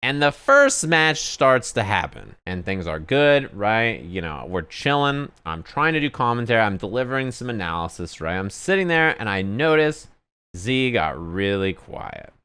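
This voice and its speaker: A male streamer tells a story in a casual, animated way, cursing freely and checking in with his listeners. His voice is low and smooth, with a clean, resonant tone. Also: normal speed. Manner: animated, profane, conversational storytelling. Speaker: streamer and commentator.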